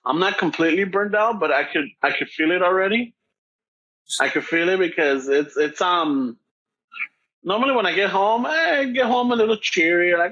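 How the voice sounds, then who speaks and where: A man's voice: sits high, expressive, normal speed, sharp tone. A man with a Chicano English accent, co-hosting a casual podcast conversation. He talks in a rambling, reflective way over a video call, slipping between Spanish and English. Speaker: podcast co-host. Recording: dull lo-fi video call audio.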